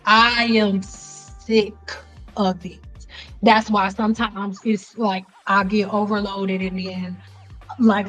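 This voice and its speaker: Hosting a laid-back livestream, a young woman tells lively stories in a blunt, heavily profane way. Her voice sits at a medium pitch.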